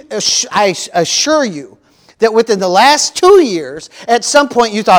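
Male pastor, very high-pitched voice, animated sermon delivery with comic panicked voices. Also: measured pace. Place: church.

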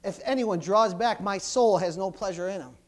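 Man preaching in a lively sermon. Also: high voice, moderate pace. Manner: call-and-response, repetitive exclamations, swings from loud to soft.

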